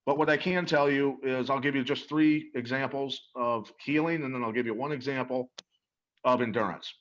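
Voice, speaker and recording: A man's voice: medium pitch, fairly even intonation, normal speed, dull audio. A middle-aged man telling stories in an interview, earnest and emphatic, often repeating words as he goes. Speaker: interview guest. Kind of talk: animated storytelling about a product.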